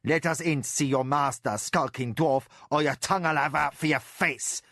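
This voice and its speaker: A man voicing a quiet, cool-headed spy master in an audiobook, speaking low, hushed and terse. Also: normal speed, dry recording, studio quality. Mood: menacing. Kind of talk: audiobook character voice.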